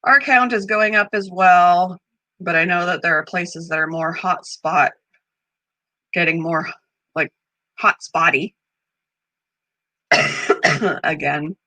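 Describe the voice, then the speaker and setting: Chatty woman with a bright tone. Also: slow pace, long pauses, no room sound, poor audio. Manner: chatty, talks to her parrot in a high baby voice. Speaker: channel host. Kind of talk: casual live-stream chat. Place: home room.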